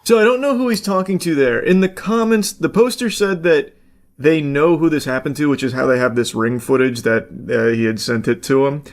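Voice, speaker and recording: A man's voice: on the high side, a little fast. A man hosting a casual reaction commentary, rambling along with jokey asides and casual swearing. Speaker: host.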